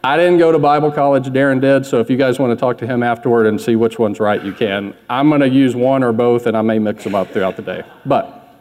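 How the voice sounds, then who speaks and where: A pastor preaching a sermon in a candid, self-deprecating, conversational way to a church congregation. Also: male voice, medium pitch, fairly quick, a little mellow, in a large hall.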